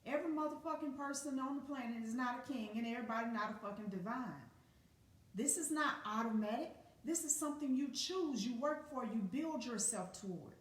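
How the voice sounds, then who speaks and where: A woman's voice: a little high, a little fast. A woman giving a casual motivational talk as a spiritual teacher, speaking bluntly and emphatically with plenty of profanity. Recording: echoey room, distant from the mic.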